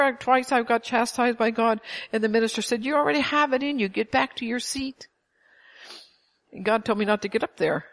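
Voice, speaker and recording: A woman's voice: on the high side, fairly bright tone. Older woman preaching, emphatic and chuckling. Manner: emphatic, storytelling, chuckles often. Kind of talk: informal sermon to a small congregation.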